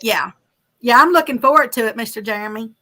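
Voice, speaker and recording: A woman's voice: a little high, fairly quick, bright, forceful tone, slight background noise. A woman hosting a fishing livestream, chatting casually and teasing while reading viewer comments aloud. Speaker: livestream host reading chat. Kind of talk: casual chat.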